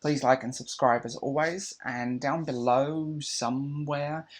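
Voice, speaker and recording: A man's voice: medium pitch, steady tone, unhurried. A man from Britain, a book vlogger, chatting casually and enthusiastically to camera, rambling with restarts. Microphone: camera mic.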